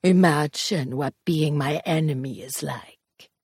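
A woman voicing a cruel, sneering male demon in an audiobook, with a low, breathy, menacing drawl. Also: no room sound, studio quality, heavily acted. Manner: slow, taunting drawl with soft hissed words. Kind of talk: audiobook character voice.

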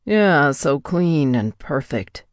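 A woman voicing a smug, cruel young male captor who taunts slowly in a low voice. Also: very animated, no room sound, studio quality, exaggerated voice. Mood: gloating.

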